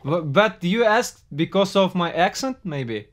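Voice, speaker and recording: A man's voice: high-pitched, animated, measured pace, slight background noise. A man from Russia with a Russian accent, chatting in a friendly way with strangers on a video call. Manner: friendly, teaching words, breaks into song. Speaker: musician host. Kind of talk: casual video chat.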